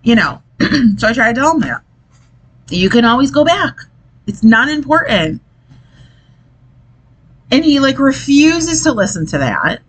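A woman's voice: on the high side, very animated, unhurried, long pauses, husky, low-quality recording. A woman hosting a casual podcast, a mother talking in an exasperated, chatty way and swearing now and then. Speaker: podcast host, parent. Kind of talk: casual monologue. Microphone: desk mic, hits it while gesturing.

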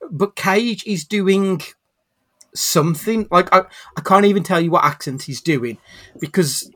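A man's voice: high voice, unhurried, pushed and bright. A man hosting a podcast, recapping a film in casual chat, sweary and incredulous. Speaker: podcast host.

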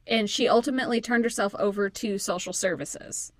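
A woman's voice: medium pitch, a little fast, no echo. A woman co-hosting a podcast, reading a true crime story with teasing, profane banter and frequent laughs. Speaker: podcast co-host.

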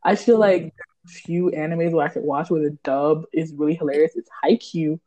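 A young woman co-hosting a podcast, chatting casually in a relaxed way. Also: deep voice, brisk, no room sound, dull audio. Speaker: podcast co-host. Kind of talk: casual chat.

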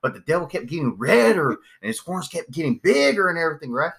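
A man with a bright, ringing voice pitched a little high, chatting casually and telling animated stories. He swears freely and acts out what people said. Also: fast, gravelly. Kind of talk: casual storytelling chat.

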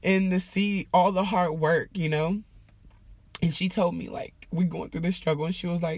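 A woman's voice: lowish voice, steady tone, normal speed, darkish tone, dry recording. A woman talking candidly to her viewers in a heartfelt, emotional, casual and profane way. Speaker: vlogger. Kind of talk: candid personal vlog talk.

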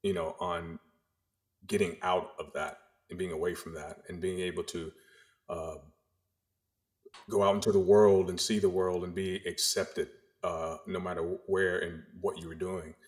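A middle-aged man from the American South with a faint Southern accent, telling stories in a casual interview, rambling and animated with frequent restarts. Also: deep voice, normal speed. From the Carolinas, US South. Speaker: podcast guest.

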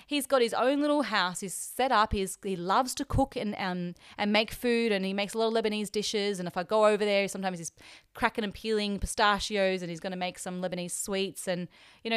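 Recording from a hotel room, a young Australian podcast host shares a personal story, emotional and chatty, quoting herself and the people involved in animated voices. The medium-pitched voice is clear and resonant, and the sound is dry and studio-clean.

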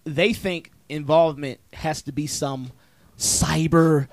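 A man's voice: on the high side, fairly even intonation, slow, no echo. Emphatic, profane man in casual talk. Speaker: comedian podcast co-host. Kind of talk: casual podcast chat.

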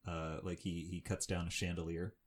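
Deep-voiced man, rambling podcast chat. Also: little pitch movement, normal speed, slightly rough. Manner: rambling, with many fillers and restarts. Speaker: podcast co-host. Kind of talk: casual chat recapping a film.

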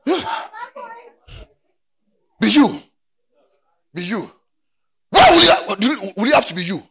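A man preaching a sermon, dropping to quiet talk and then rising to shouted, sing-song preaching. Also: extremely high pitch, very animated, measured pace, creaky, long pauses, breathy edge.

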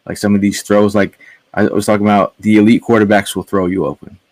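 A man's voice: on the low side, flat delivery, quick pace, darkish tone, dry recording. A man guesting on a casual sports podcast, rambling laid-back with lots of fillers.

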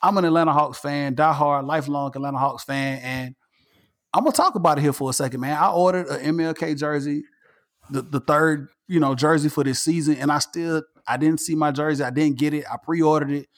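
A man hosting a casual sports podcast, animated and ranting, repeating himself. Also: on the high side, fairly quick. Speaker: podcast host.

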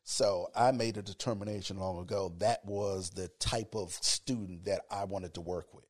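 Deep-voiced man with a radio voice. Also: fairly even intonation, moderate pace, few pauses. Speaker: college educator and interviewee. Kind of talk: relaxed conversational interview.

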